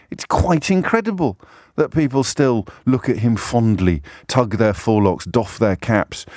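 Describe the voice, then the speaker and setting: A man's voice: medium pitch, a little mellow, no room sound, clean studio sound. A man hosting a radio show, delivering an impassioned, scornful monologue with emphatic rhetorical repetition. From Britain. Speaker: radio phone-in host.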